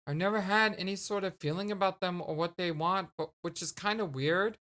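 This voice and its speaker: A let's play host giving casual commentary and reading game text aloud, full of quick reactions and exclamations. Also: mid-range voice, a bit bright.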